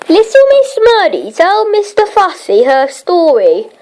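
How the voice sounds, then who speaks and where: A woman narrating a children's storybook, reading slowly and expressively. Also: very high-pitched, big pitch swings, a little mellow, rough recording.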